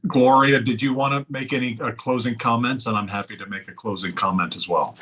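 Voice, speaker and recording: A man's voice: mid-range voice, steady tone, fairly quick, fairly bright tone. A man hosting an online meeting and giving earnest, apologetic closing thanks, often restarting his words. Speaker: host. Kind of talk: closing remarks on a video call.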